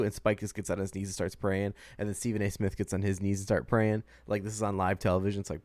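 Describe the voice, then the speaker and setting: A man with a smooth, resonant voice leads a relaxed sports podcast, easygoing and quick to laugh. The sound is dry and close. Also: lowish voice, no echo. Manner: laid-back, laughs easily. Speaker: podcast host. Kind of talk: casual sports chat.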